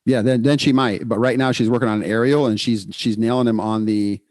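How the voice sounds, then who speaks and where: A middle-aged man co-hosting a podcast in casual, energetic chat, repeating words for emphasis. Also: medium pitch, fairly quick, no room sound, studio quality. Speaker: podcast co-host, psychologist.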